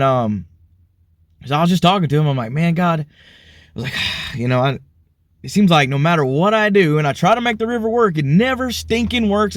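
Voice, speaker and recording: A man's voice: on the high side, no echo, studio quality. A man from Alabama, rambling earnestly through a personal faith testimony, married with a family. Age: adult, married with kids. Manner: rambling, earnest, heavy on "you know". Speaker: vlogger sharing a faith testimony. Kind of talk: casual spoken testimony.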